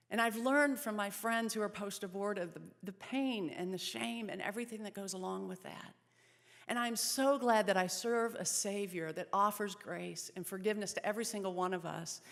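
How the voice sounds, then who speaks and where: A woman's voice: mid-range voice, gravelly. A woman in her thirties giving an earnest personal testimony as a speaker at a pregnancy center event. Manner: earnest storytelling, softening in sad moments. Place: event hall. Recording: long reverb of a hall.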